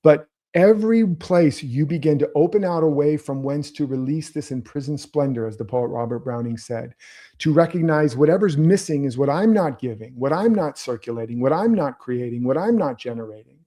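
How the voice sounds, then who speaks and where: A man's voice: on the high side, animated, fairly quick, warm tone. A man hosting his own show, giving earnest motivational commentary and coaching his viewers directly. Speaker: host.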